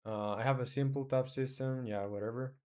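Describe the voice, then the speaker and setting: A man, not a native English speaker, live-streaming his game coding, thinking aloud in halting phrases full of fillers and muttering search terms as he reads. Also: mid-range voice, fairly even intonation, mellow.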